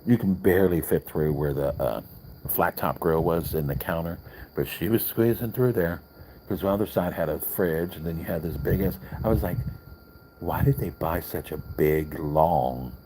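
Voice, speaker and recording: A vlogger with a low, warm voice tells a long story on a livestream at a moderate pace, rambling and chatty as he acts out the other people's lines. He's in a hotel with crickets outside, and there's a little hiss or hum.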